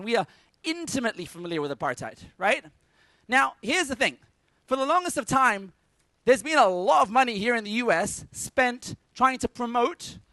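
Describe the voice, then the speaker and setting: A man giving a lively conference talk to a live audience, energetic and joking with punchy asides. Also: extremely high pitch, no room sound. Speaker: conference speaker.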